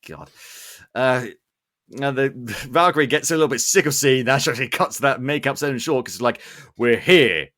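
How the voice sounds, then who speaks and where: Male podcast host, casual film recap, animated and sarcastic, mid-range voice. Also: mid-range voice, a little fast. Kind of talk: casual film review chat.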